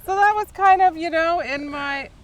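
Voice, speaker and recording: A woman's voice: extremely high pitch, normal speed, slight background noise. A woman in her fifties, a model and actress, giving friendly, agreeable replies as a podcast guest. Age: 50s. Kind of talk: casual podcast interview.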